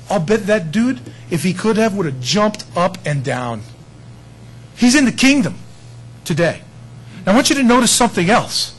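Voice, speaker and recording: A man preaching a sermon in an animated, conversational way, acting out short quotes. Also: sits high, normal speed, long pauses, slight background noise, rough recording.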